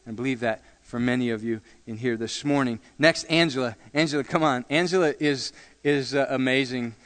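A pastor preaching a sermon in a church, repeating phrases and stretching out words for emphasis. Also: male voice, medium pitch, a little fast, fairly bright tone. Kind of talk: sermon with testimonies. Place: church sanctuary. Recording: long reverb of a hall.

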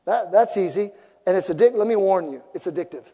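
A man preaching a sermon to a congregation, emphatic, building to loud rising peaks. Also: sits high, animated, brisk, breathy edge. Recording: long reverb of a large hall.

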